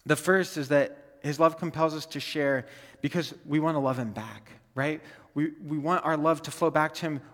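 A man's voice: on the high side, normal speed, a bit bright, in a large hall. A young adult man giving a sermon as a guest speaker, earnest and conversational, often checking in with "right?" and restarting his sentences. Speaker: guest speaker, campus ministry team leader. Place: church sanctuary.

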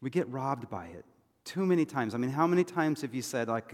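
A man preaching a sermon as pastor, moving between loud urgent pleading and soft, hushed reassurance. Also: medium pitch, sing-song, normal speed, long reverb tail.

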